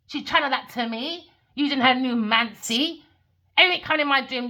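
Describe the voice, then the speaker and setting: A woman's voice: high voice, moderate pace, pushed and bright. A woman giving a blunt, profane tarot reading, talking straight at her listeners. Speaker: tarot reader.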